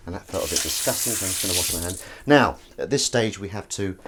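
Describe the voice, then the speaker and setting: Fast and lively, a low-voiced man hosts a washing-up stream from his home kitchen, reading viewers' comments in a casual, rambling, self-mocking way. Background noise includes the clatter of dishes and cutlery.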